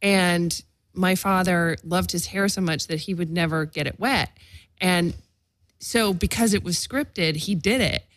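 A woman hosting a casual interview, chatty and relaxed, often saying "you know" and "like". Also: fairly low pitch, unhurried, no echo. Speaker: podcast host.

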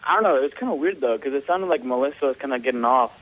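A man's voice: mid-range voice, lively intonation, racing, no echo. Playful man on a tinny phone line. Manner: playful, joking. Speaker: caller. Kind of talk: call-in chat.

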